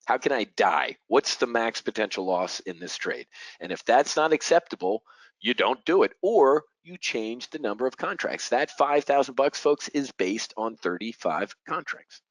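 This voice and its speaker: A man's voice: medium pitch, sing-song, moderate pace, no room sound, low-quality recording. A middle-aged man teaching a live options-trading webinar, punchy and direct, firing rhetorical questions at the audience and using fighter-pilot jargon. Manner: punchy, talks straight to the audience.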